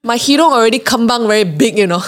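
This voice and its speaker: A young woman, hosting a podcast and telling a candid, confessional story in chatty fashion. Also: on the high side. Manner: chatty and confessional, often acts out her own reactions. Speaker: podcast host.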